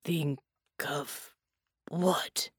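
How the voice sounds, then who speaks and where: A woman voicing a badly beaten man who croaks and wheezes his halting words. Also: sits low, fairly even intonation, no room sound, studio quality, heavily acted. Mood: pained. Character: broken, beaten man, gasping and terrified.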